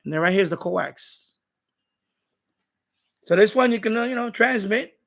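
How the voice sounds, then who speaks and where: A man with a rather high voice and a rough, gravelly edge. He hosts a live stream in a loose, chatty way. He gets worked up as he tells stories and talks to his viewers. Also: a little slow. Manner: animated ranting storyteller. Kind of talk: casual live-stream chat.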